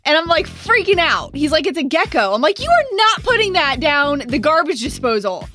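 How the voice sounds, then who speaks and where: High-voiced female radio host, animated. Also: moderate pace, hardly any pauses, soft background music. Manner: animated, emphatic storytelling. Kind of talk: morning radio chat.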